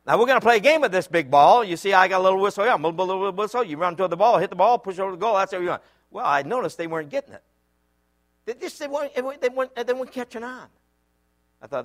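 A man preaching a sermon, telling a comic story with acted-out shouts before turning to scripture. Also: sits high, fast talker. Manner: animated, acts out shouting voices in his story.

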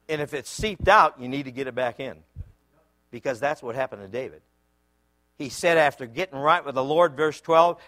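Animated, bright-voiced male preacher. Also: on the high side. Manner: animated, acts out shouting voices in his story. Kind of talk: sermon with comic storytelling.

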